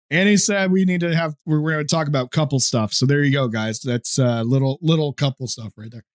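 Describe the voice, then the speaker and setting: This is a male co-host of a casual gaming podcast, a crude, teasing storyteller who curses and laughs a lot. His voice is a little high and a little fast.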